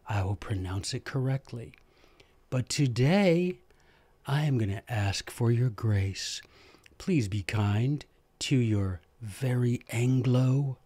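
A former teacher with a drawl hosts his own history show, animated and quick to poke fun at himself. His voice sits in an ordinary middle register for a man. The sound is dry and close, with no room around it. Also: mid-range voice, no room sound. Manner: animated, self-deprecating and joking. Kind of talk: casual history storytelling monologue.

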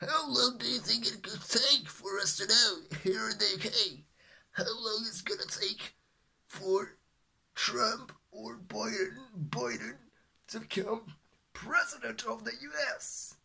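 A man voicing an American male reporter who fires off questions in a high, strained put-on voice. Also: slow, vocal fry, pushed and bright, husky, full character voice. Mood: pressing.

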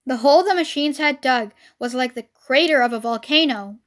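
A woman's voice: high-pitched, moderate pace. A woman reading a children's storybook aloud expressively, as a storyteller.

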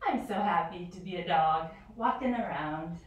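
A woman voicing a happy, excited pet dog in a children's story, talking high and loud with glee. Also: normal speed, close to an everyday voice. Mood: gleeful. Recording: echoey room from far off.

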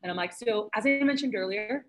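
A woman's voice: mid-range voice, a bit bright, slight background noise, rough recording. Chatty young woman training sales reps. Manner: chatty, fast, acts out customer dialogue. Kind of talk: sales training talk to a group. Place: office room with trainees.

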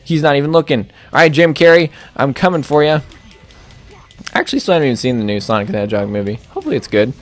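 A man's voice: expressive, fast talker, soft background music. A young man casually commenting on his gameplay, rambling and joking with lots of fillers. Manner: rambling, filler-heavy, jokey, puts on silly high voices. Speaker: let's play host.

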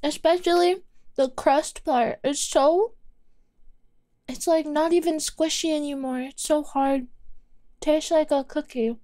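A woman's voice: high-pitched, steady tone, a little slow, warm tone, no room sound, studio quality. A woman streaming a game, chatting casually with her viewers in a teasing, sarcastic, giggly way while she eats. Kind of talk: casual gaming stream chat.

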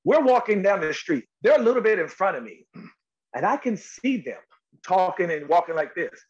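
Lo-fi sound carries the high voice of a middle-aged man from North Carolina, speaking at normal speed. He's an actor guest in a storytelling interview, lively in delivery, repeating words and dramatizing quotes.

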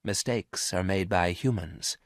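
A man reading a story aloud and voicing a calm, logical male robot who speaks quietly and softly. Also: deep voice, a little slow, dry recording, clean studio sound. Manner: quiet, soft, flat and logical.

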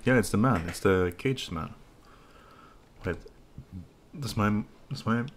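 A young man rambles through a game stream in a lowish voice, cursing freely and chewing between sentences. He sits close to a desk microphone in a home room, with a faint hiss underneath. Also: slow pace. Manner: loose, rambling and profane, eating while talking. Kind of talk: casual let's-play commentary.

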